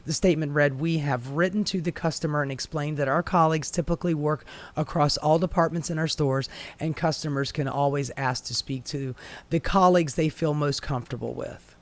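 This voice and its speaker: A man's voice: a little high, fairly even intonation, a little fast. A man giving heated, sarcastic commentary on a news story, swearing freely and mocking the people involved. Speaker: commentary host.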